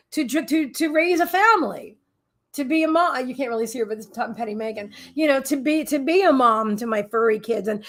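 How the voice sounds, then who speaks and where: A woman with a high voice hosts a psychic livestream from her own apartment. She talks in a candid, heartfelt way, wandering off and restarting her sentences as she goes. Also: a bit bright. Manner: rambling, many restarts and fillers. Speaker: psychic host. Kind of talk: casual livestream chat.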